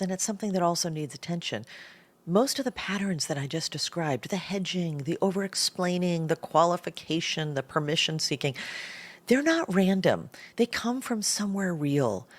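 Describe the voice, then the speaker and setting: Woman host giving blunt career advice, low voice that swings up and down a lot, dry close sound. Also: no echo. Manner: direct, emphatic, coaching tone. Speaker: podcast host and leadership coach. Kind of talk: solo talk on professional presence.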